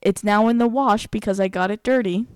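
A woman co-hosting a casual talk show who tells stories with lively energy, leaping into high, playful voices whenever she quotes someone. Her pitch sits mid-range and the recording is dry and close. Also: brisk, no room sound. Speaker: co-host. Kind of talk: casual chat.

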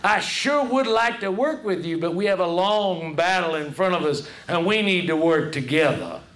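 A man voicing a quick-tempered female rabbit who lectures indignantly in a storybook tale. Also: sits high, animated, a bit bright, reverberant. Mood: lecturing.

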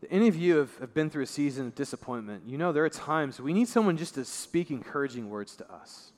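Male pastor, slightly higher voice, conversational sermon, long hall reverb. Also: lively intonation, fast talker. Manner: conversational preaching, voice drops low and soft for emphasis.

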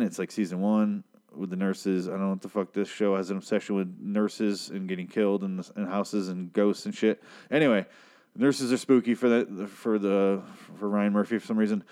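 A man giving a crude, sarcastic recap of a TV episode, tossing in quick asides. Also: fairly low pitch, a little mellow. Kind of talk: casual profane TV recap.

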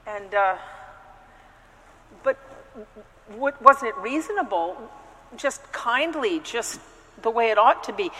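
A woman's voice: fairly high pitch, expressive, slow pace, long pauses, bright, forceful tone, slightly rough, in a large hall, poor audio. A woman priest giving a conversational sermon, telling personal stories with frequent restarts and hesitations. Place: church.

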